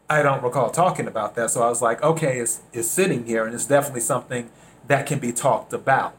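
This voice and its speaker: A man from South Carolina hosting a reflective solo podcast, unhurried, repeating his phrases and acting out bits of dialogue. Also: medium pitch. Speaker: podcast host.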